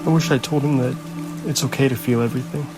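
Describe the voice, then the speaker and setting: An actor voicing a grieving young man in an animated short film, speaking quietly and with deep feeling. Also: fast, natural voice. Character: grieving young man mourning his friend. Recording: under a music score.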